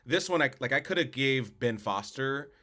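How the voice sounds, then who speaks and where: Bright and forceful, this man's mid-range voice has lively intonation at normal speed. He co-hosts a podcast, rambling through opinionated, casual movie-review chat with frequent restarts and repeated words.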